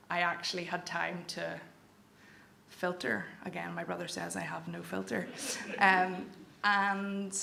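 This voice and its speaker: A woman's voice: lowish voice, gravelly, bright, forceful tone. A young woman from County Down with a Northern Irish accent, telling a personal story to a live audience in a candid, wry way. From Northern Ireland, County Down. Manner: candid, self-deprecating, wry. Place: event venue with audience. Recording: echoey hall with faint room noise.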